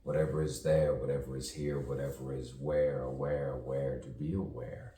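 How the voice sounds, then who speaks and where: A man speaks an unhurried stream-of-consciousness poem in an extremely deep voice, rambling and slipping into other voices and whispers. He sounds set back from the mic in an echoing room, with a faint hum behind him. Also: steady tone, dark tone, far from the mic. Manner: rambling, shifting voices and accents, drifting into whispers.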